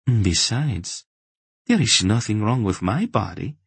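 A man's voice: lowish voice, sing-song, slow pace, vocal fry, slightly rough, dry recording, pitched above the performer's own voice, full character voice. A man reading an audiobook and voicing a weary young enslaved woman in a lifted, tired voice. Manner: tired, raised voice, soft. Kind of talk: audiobook character voice.

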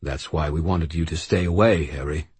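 A man voicing a calm, devout male knight who speaks quietly and in a measured way. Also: rumbling low, slightly rough, no echo, heavily acted. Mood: explaining gently. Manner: quiet, measured, soft-spoken.

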